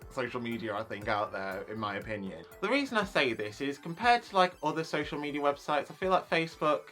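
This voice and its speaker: A man's voice: mid-range voice, expressive, fast talker, bright, forceful tone, faint music behind. A young man, ranting casually in a vlog, chatty and full of likes and you knows. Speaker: YouTuber.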